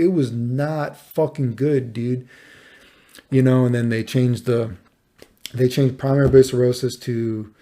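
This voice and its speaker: A man's voice: medium pitch, vocal fry, dark tone. A man in his thirties, a vlogger, telling a personal story in a rambling, exasperated way with plenty of swearing. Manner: rambling, profane, exasperated retelling.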